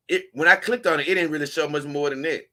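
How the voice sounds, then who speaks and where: A man's voice: on the high side, fairly quick, bright, forceful tone. A man, hosting a casual show, rambling and chuckling as he reads posts aloud to his viewers. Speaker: host.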